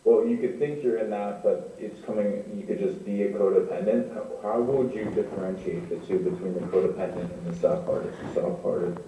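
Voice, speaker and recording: A man with a low, very dark voice asks a hesitant question, searching for his words. He sounds distant from the mic, in a very roomy space with faint background noise. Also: fairly even intonation, a little fast, hardly any pauses. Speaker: student asking a question.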